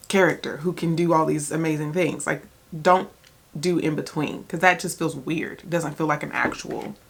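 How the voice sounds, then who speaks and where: A woman's voice: fairly low pitch, fairly bright tone. A young woman chatting casually in a book vlog, rambling with many restarts and fillers, sometimes talking while she eats. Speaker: book vlogger.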